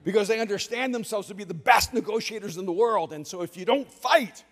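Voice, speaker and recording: A local guide as a man plays him lays down the rules in a firm, instructive tone, his voice fairly high. It rings out with the long reverb of a big hall. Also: fairly quick, a bit bright. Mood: insistent. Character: insistent male local guide giving advice.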